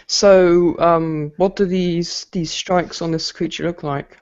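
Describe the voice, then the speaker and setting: A man runs a tabletop game as game master, hesitant and full of fillers. He talks slowly and easily. The recording is dull and lo-fi. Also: a little high, smooth. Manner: relaxed, hesitant, filler-heavy.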